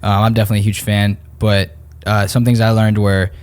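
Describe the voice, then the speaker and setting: A man's voice: on the low side, flat delivery, a little fast, clear, resonant tone. A man co-hosting a podcast who explains the lessons in a rambling, laid-back way. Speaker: podcast co-host. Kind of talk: casual podcast chat.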